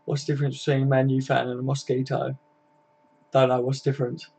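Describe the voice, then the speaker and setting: A man's voice: medium pitch, monotone, fast, creaky, a little mellow, slightly rough. A tired young man chatting casually and swearing freely as he wraps up a football live stream.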